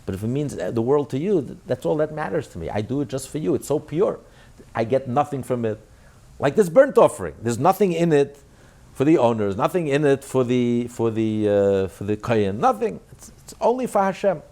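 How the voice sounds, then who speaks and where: Rabbi guy teaching torah class, really lively up and down voice, keeps asking questions then answering them. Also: mid-range voice, brisk. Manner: animated, asks and answers his own questions; voices God's words in first person with rising emphasis.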